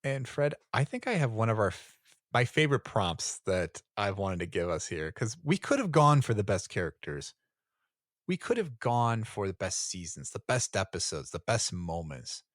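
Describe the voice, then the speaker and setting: A man's voice: fairly low pitch, sing-song, normal speed, no echo, studio quality. A man co-hosting a podcast in casual chat, laid-back and rambling, often chuckling. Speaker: podcast co-host.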